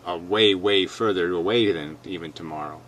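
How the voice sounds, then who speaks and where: This man has a low voice, a moderate pace, and a slightly bright tone, with a bit of hiss or hum in the background. Hosting a video reaction, he argues his point bluntly and emphatically as argumentative commentary.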